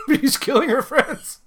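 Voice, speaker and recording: A man's voice: very high-pitched, a bit bright. A man co-hosting a podcast, recapping a horror movie in casual chat with a rambling, laughing manner full of crude jokes. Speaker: podcast co-host.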